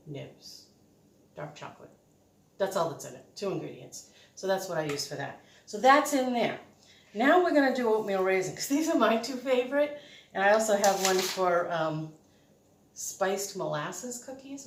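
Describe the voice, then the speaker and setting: A woman hosts a casual cooking demonstration in her own kitchen. She is chatty and rambling, often stopping to correct herself. Her voice sits low and bounces around a roomy space, with a faint hiss of noise behind it. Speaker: home cook host. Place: home kitchen.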